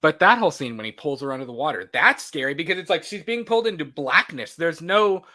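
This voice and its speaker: Bright-voiced rambling podcast host man. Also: a little high, quick pace. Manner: animated, rambling with many fillers. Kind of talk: casual movie podcast chat.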